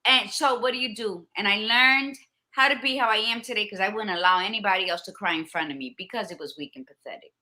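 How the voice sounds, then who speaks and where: A woman in her fifties co-hosts a podcast, speaking quickly at a medium pitch with a sharp tone. Her candid, casual chat is blunt, profane and emphatic.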